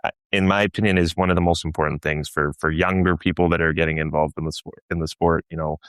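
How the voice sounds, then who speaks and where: Podcast guest: Canadian man, very low voice, thoughtful and halting, dry close mic. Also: steady tone, fairly bright tone, clear, resonant tone, dry recording. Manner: reflective, many restarts and fillers. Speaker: show jumping guest. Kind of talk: casual podcast chat.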